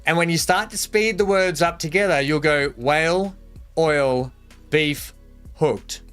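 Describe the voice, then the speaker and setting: Man, Australian accent, young adult, bright edgy voice, casual jokey live-stream chat, faint music behind. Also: fairly high pitch, measured pace, smooth. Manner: jokey, rambling, laughs often, reads chat aloud. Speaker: game streamer.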